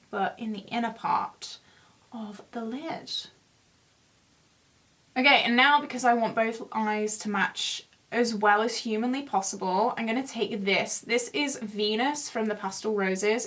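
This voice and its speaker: On her beauty vlog, a twenty-something woman does her makeup and rambles through a casual get-ready-with-me chat, poking fun at herself. Her voice is on the high side, with a slightly bright quality.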